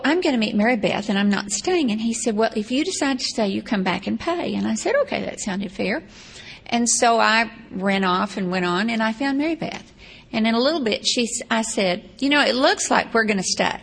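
A woman's voice: a little high, creaky, a bit bright. A woman from Texas, telling a rambling personal story with wry asides. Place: seated on a stage or chair.

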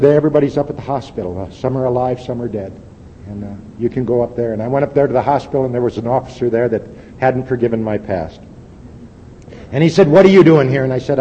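A man in his fifties gives a personal testimony at a recovery meeting, speaking in a folksy, earnest way and sometimes dropping to a quiet, intense hush. His medium-pitched voice is mellow and dark. The recording is muffled and lo-fi, with a long hall echo and faint hiss.

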